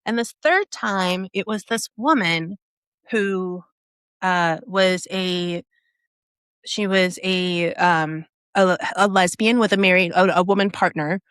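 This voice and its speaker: A woman's voice: on the low side, takes it slowly, a bit bright, clean tone, dry recording, studio quality. A woman telling a personal story as a podcast guest, animating it by acting out other people's lines and her own reactions, in a casual, restart-filled way. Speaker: podcast guest, app founder.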